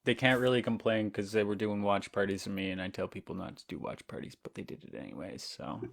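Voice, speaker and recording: Man, stream host, lowish voice, casual chat, swears a lot, lots of "like". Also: fast, gravelly. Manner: loose, profane storytelling with lots of "like". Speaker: livestream host.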